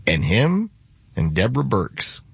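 A man in casual talk show chat, speaking heatedly and getting louder when indignant. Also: on the low side, huge pitch swings, unhurried, vocal fry, slightly rough, no room sound, lo-fi sound.

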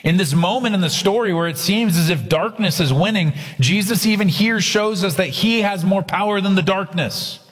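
A man's voice: high-pitched, normal speed, few pauses, big-room sound. A man preaching a sermon, emphatic and repetitive, with casual asides to the congregation. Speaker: pastor.

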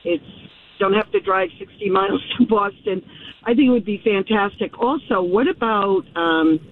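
A woman's voice: mid-range voice, normal speed. A woman calling in to a radio show, chatting in a friendly, agreeable way. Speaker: radio caller. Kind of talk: casual call-in chat. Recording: phone line with faint noise.

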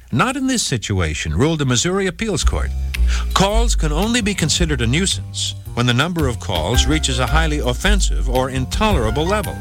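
Lively man narrating a legal story. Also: on the high side, normal speed, no echo, studio quality. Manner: storytelling, voices quoted speakers lightly. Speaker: legal segment host. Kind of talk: scripted radio narration.

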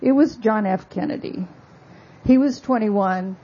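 A woman's voice: mid-range voice, unhurried, warm tone, muffled recording. A woman author giving a conversational book talk, with wry asides and frequent fillers.

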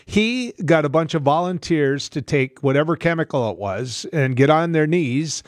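A man's voice: on the high side, animated, moderate pace, no echo, studio quality. A man hosting talk radio, wry and storytelling, reading ads in casual banter. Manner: wry, storytelling, plays out quoted voices. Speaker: radio host.

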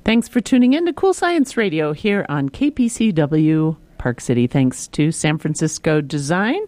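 A woman's voice: sits low, sing-song, moderate pace, darkish tone, no echo. A woman radio host interviewing a guest and signing off in a friendly, conversational way.

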